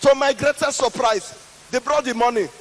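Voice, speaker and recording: A man from Nigeria with a Nigerian accent doing stand-up comedy, telling stories with an emphatic, drawn-out delivery. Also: very high voice. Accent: Nigerian English. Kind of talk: stand-up storytelling. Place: large hall with a live audience. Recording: long hall reverb.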